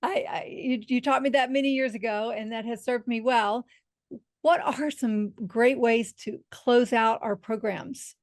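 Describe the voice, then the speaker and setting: Higher-voiced woman host, dry close sound. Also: fairly even intonation, unhurried, no echo. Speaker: podcast host. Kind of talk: interview conversation.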